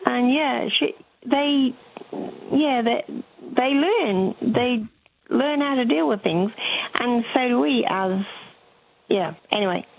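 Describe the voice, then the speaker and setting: A woman's voice: on the high side, slow pace, creaky. Older woman, chatty on a tinny phone line. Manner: chatty, laughing storyteller. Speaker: caller. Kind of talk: phone-in chat. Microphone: telephone.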